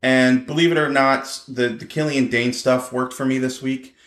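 A man's voice: normal speed, roomy sound. A man co-hosting a casual wrestling podcast, talking with energy and acting out quotes in raised voices. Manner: animated, acts out quotes in high voices. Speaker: podcast co-host.

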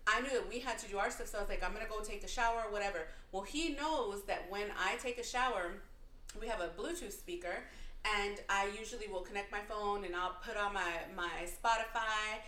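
A woman's voice: medium pitch, brisk, pushed and bright, roomy sound, far from the mic. A woman co-hosting a podcast in casual chat, chatty and often laughing. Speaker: podcast co-host.

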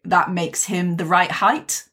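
A woman's voice: on the low side, fairly even intonation, slow pace, fairly bright tone. A woman co-hosting a podcast, giving her firm opinions with emphasis. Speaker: podcast co-host. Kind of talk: casual podcast discussion.

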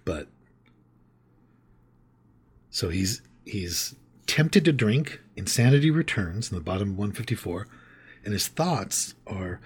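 Husky guy reading a book passage then chatting about it, low voice. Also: big pitch swings, a little slow, long pauses. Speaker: podcast host reading and commenting. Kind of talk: reading aloud then casual commentary.

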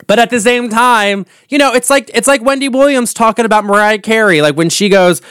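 A man's voice: sits high, brisk, fairly bright tone, clear, resonant tone, no echo, studio quality. A man hosting a solo podcast, chatting casually and gossiping animatedly about reality television, swearing freely. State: voice going hoarse. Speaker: podcast host. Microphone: studio podcast mic.

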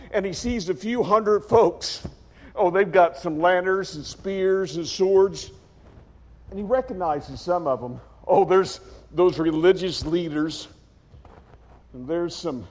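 A man preaching a sermon as dramatic storytelling, acting out scenes in character voices and swinging from shouts to quiet. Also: a little high. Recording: long hall reverb.

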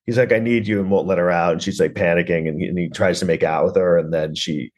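A man's voice: low voice, fairly even intonation, fast, a little mellow, muffled recording. A man hosting a podcast, recapping a film in a rambling, sarcastic way, full of fillers and swearing. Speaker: podcast host reviewing a film.

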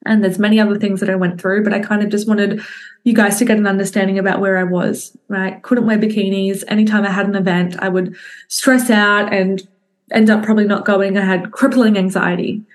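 A woman's voice: mid-range voice, little pitch movement, fairly quick. A young woman, a fitness coach talking candidly to her group on a video call, swearing casually and speaking straight to her listeners.

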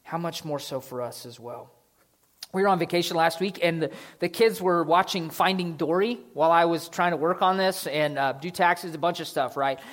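A man's voice: on the high side, normal speed. Casual, conversational male pastor. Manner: casual, conversational preaching with lively voiced asides. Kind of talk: sermon.

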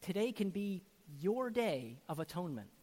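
A pastor with a strikingly high voice preaches an earnest, emphatic sermon and keeps pressing his listeners with rhetorical questions. His voice carries a long, lingering reverb, as if the sound fills a large church sanctuary. He is a man speaking from the pulpit to his congregation. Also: sing-song, normal speed, a little mellow.

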